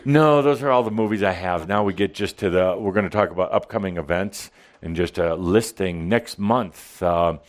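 A man's voice: low voice, normal speed. A man hosting a show in casual chat, rambling with many fillers and chuckles. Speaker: host.

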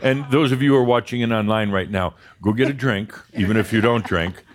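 A man's voice: on the low side, fairly quick. A man leading a live group session, joking with the room and pressing people to state things plainly. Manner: animated, joking, pushes for specifics. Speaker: workshop leader.

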